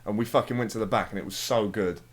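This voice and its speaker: A man's voice: fairly low pitch, quick pace. A young man, chatting casually over a game and telling a rambling, sweary story full of fillers. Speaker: let's play commentator. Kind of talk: casual chat over gameplay.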